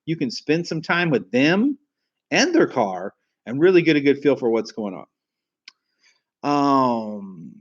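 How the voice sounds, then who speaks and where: A man's voice: a little high, dull audio. A man hosting a live stream about the car business, talking in a blunt, folksy, casual way with some cursing.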